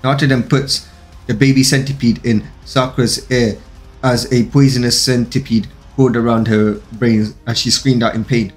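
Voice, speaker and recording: A man's voice: mid-range voice, steady tone, normal speed. A man narrating a fan-fiction story in a plain, run-on reading with occasional slips. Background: faint music.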